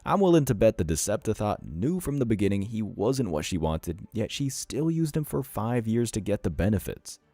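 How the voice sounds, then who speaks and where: A man's voice: fairly low pitch, big pitch swings, moderate pace, hardly any pauses, mellow, no room sound. A man hosting a reaction commentary, reading out comments and lecturing in a sardonic tone. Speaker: commentary channel host.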